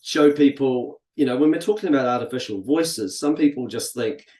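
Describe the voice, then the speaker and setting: A man hosts a casual interview, speaking in a relaxed, chatty way with plenty of fillers. His voice sits at a middle pitch. It bounces around a roomy, echoey space. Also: normal speed. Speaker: host. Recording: echoey room.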